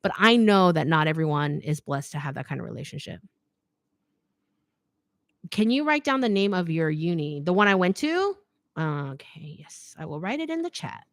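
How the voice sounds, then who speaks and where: A middle-aged woman hosting a casual livestream Q&A, reading comments aloud, chatty and quick to laugh, saying "like" a lot. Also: low voice, very animated, no room sound, clean studio sound. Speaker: fashion YouTuber hosting a live Q&A.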